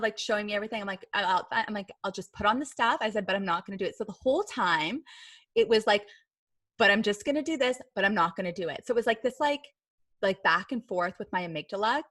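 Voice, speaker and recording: A woman's voice: on the high side, a bit bright, dry recording. A woman guest on a podcast, telling a personal story in a chatty way, full of filler words. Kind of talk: storytelling in a casual interview.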